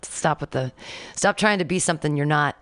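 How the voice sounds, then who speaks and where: A radio host in casual chat, breaking in with quick teasing remarks. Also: mid-range voice, a bit bright, clear, resonant tone, dry recording. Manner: chatty, teasing interjections. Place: radio studio.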